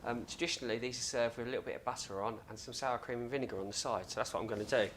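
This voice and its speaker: A man's voice: medium pitch, fairly even intonation, rapid-fire, a bit bright, a little hiss or hum. A man hosting a casual cooking demonstration in a home kitchen, chatty and joking with self-mocking asides. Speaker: cooking show host.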